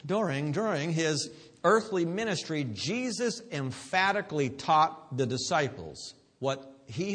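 A man with a Pennsylvania accent preaching a sermon, building to loud emphatic peaks and having the congregation repeat after him. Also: a little high, long reverb tail.

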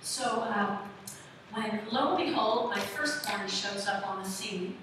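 A woman's voice: mid-range voice, measured pace. Woman in her sixties preaching in an echoey hall. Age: 60s. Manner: conversational storytelling, questions to the congregation. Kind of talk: sermon. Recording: echoey hall from far off, audible room noise.

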